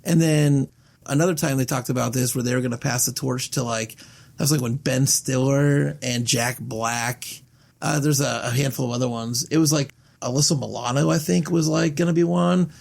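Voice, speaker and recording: A man hosting a horror movie podcast, chatting casually and rambling with animated asides and casual swearing. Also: mid-range voice, normal speed, vocal fry. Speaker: podcast host. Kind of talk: casual chat.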